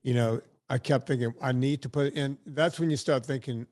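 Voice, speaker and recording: A man's voice: mid-range voice, steady tone, fairly quick, darkish tone. A man talking as a filmmaker and podcaster guest, telling stories in a chatty, blunt way with casual swearing. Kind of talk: casual storytelling interview.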